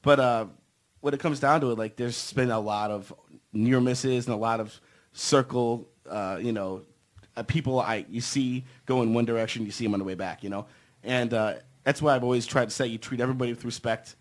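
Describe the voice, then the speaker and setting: A man's voice: medium pitch, fairly quick. A man in a band, talking casually as a podcast guest in a rambling, joking way with many fillers. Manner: rambling, joking, heavy with fillers like "you know". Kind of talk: casual podcast interview chat.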